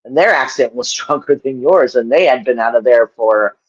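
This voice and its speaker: A woman's voice: a bass voice, moderate pace, breathy edge, highs cut off. A woman hosting a livestream, chatting casually with her viewers, laughing often as she answers their comments. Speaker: livestream host.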